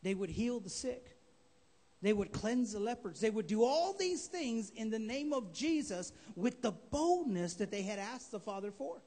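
Male pastor, very high voice, emphatic live sermon, echoing church hall. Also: animated, moderate pace. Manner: emphatic preaching, rising to shouts. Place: church sanctuary.

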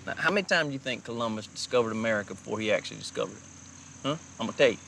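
A folksy dad. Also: male voice, fairly low pitch, expressive, racing, creaky, a bit bright, slight background noise. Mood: coaxing. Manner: folksy, coaxing pep talk. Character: gentle, encouraging working-class Southern dad. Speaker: father. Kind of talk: film drama acting.

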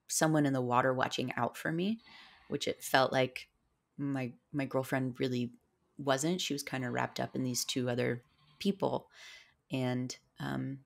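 Woman with a super deep gravelly voice, rambling through a story, lots of ums. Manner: rambling, filler-heavy storytelling. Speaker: podcast guest, psychedelic guide. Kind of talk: casual storytelling interview.

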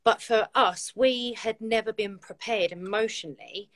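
A woman's voice: on the high side, moderate pace, a bit bright. A woman, a guest on a live video chat, telling her own story in a candid, heartfelt way. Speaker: guest, community founder.

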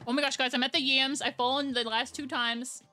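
A woman from Ontario hosting a group game stream, bubbly and excitable as she cheers her friends on. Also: sits high, a little fast, over music. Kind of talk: casual livestream chat.

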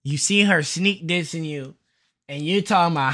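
A man's voice: on the high side, wildly swooping pitch, moderate pace, fairly bright tone. A young man streaming a reaction, mocking the clip in slangy, laughing casual talk.

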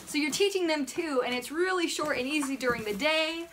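A high-pitched young woman gushes through a casual home vlog, bubbly and excitable as she chats to her toddler between remarks. The recording carries a clear layer of background noise. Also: brisk, hardly any pauses. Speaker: mom vlogger. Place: home room with backdrop.

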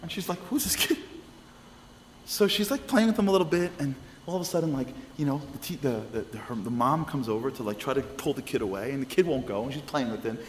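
A man speaking to a congregation, telling a story with animated shifts of voice as he acts out the people in it. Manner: lively, acts out the people in his stories with quick shifts of pitch. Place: synagogue hall. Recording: long reverb of a hall, faint noise.

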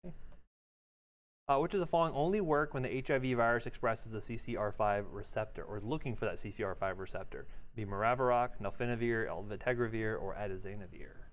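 A man's voice: on the low side, fast talker. A man giving an exam review lecture in a casual, joking way, quizzing his students. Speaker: pharmacology lecturer.

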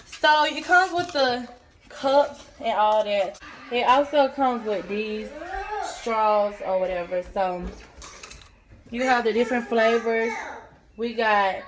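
A woman's voice: fairly high pitch, slow pace, a little hiss or hum. A young woman, vlogging casually to her phone, chatty and a bit out of breath. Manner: chatty, addresses viewers as y'all. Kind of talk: casual vlog talk to camera.

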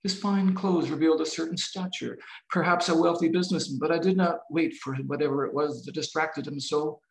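A novelist reading his novel aloud in a measured, expressive way over a video call. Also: on the high side, gravelly. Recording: roomy video-call audio.

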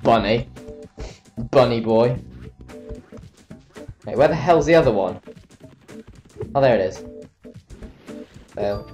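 A man's voice: mid-range voice, a little mellow. A tired young man giving rambling, self-mocking commentary while playing a video game. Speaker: let's play commentator. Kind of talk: casual gameplay commentary.

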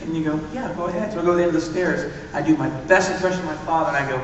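A man's voice: fairly high pitch, racing, muffled recording, a little hiss or hum. A man co-hosting a live convention panel, telling anecdotes and acting out what people said. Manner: animated anecdote-telling, acts out quotes. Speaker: podcast co-host on stage. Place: large convention hall stage. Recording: echoey hall recorded from far off.

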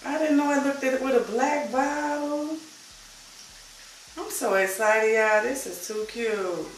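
A woman's voice: sits high, unhurried, far from the mic, a little hiss or hum. A woman in her fifties with a Chicago accent, chatting effusively to camera as a vlogger and calling her viewers y'all. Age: 50s. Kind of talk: casual chat to camera. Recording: echoey room, voice from off-mic.

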